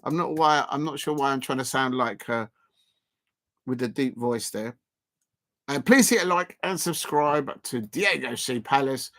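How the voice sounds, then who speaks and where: A man's voice: mid-range voice, unhurried, fairly bright tone. Chatty man hosting a livestream. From South London. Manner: rambling, chatty, reads and answers viewer messages. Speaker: livestream host. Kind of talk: live football watchalong chat.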